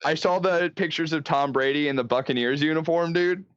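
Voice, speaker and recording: A man with a higher pitch co-hosts a comedy podcast in excitable banter full of swearing. The sound is dull and lo-fi, and dry and close. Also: a little fast, smooth, dry recording. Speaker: podcast co-host. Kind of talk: casual comedic chat.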